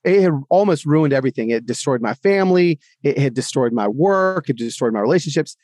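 A man's voice: medium pitch, a little fast, no echo, studio quality. A man on a podcast as guest author, telling stories in casual talk and acting out the people he quotes. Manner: animated, acts out quoted voices. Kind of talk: casual podcast conversation, storytelling.

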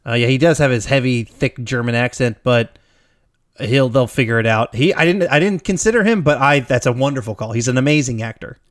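A man's voice: medium pitch, a little fast, no room sound, clean studio sound. Upbeat man talking casually. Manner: enthusiastic, laughs easily, restarts sentences. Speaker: podcast co-host. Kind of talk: casual chat.

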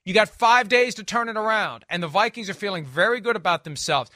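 Chatty guy doing nfl picks, high bright voice, dry close mic. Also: lively intonation, fairly quick, no echo. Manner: talkative, self-correcting, wry. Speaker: podcast host. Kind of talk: casual sports podcast analysis.

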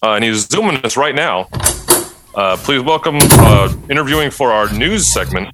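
A man's voice: mid-range voice, expressive, moderate pace, heavy background noise. A man hosting a casual comedy podcast, introducing segments and playing along with jokes. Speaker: podcast host.

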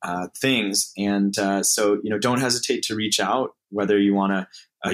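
A man with a fairly low voice answers interview questions in a relaxed, conversational way. He hesitates often, restarting phrases and filling pauses as he thinks aloud. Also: rough recording. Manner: hesitant, many fillers and restarts. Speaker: interview guest, startup co-founder. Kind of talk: casual interview talk.

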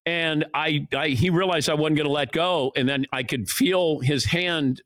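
A man, a sports broadcaster appearing as a guest, telling anecdotes in casual chat and acting out the shouts and quotes in his stories. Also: fairly high pitch, measured pace, no echo, studio quality. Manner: animated storyteller who acts out shouts and quotes.

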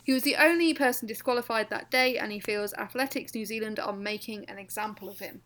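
A woman co-hosting a running podcast in casual chat, incredulous and quick to laugh. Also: fairly high pitch, fairly bright tone. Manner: chatty, incredulous, laughs often. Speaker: podcast co-host.

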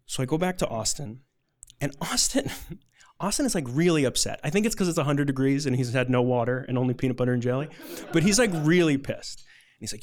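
A man's voice: mid-range voice, animated, fairly quick. A man telling a personal story to an audience, conversational and rambling, with a self-deprecating, emotional edge.

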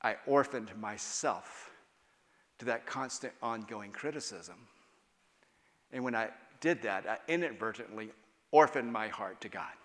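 A man preaching a sermon at a conference, animated, moving between loud emphatic passages and hushed, quiet ones. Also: on the low side, unhurried. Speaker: guest speaker. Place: church hall at a conference. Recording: long reverb of a large hall.

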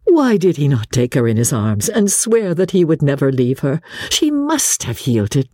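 Low, husky woman narrating a novel. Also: moderate pace, dry recording, clean studio sound. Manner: expressive, storytelling delivery. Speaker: audiobook narrator. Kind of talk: scripted narration of a classic novel.

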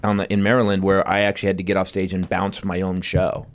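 A man who works as a stand-up comedian tells club stories in a podcast conversation, talking in an animated, profane way and laughing often. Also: low voice, fast talker.

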